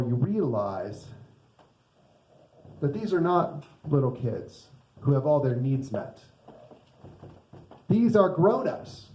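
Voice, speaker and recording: A man's voice: sits high, mellow. A male pastor giving a conversational sermon, often putting questions to the congregation. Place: church sanctuary. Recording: echoey church sanctuary.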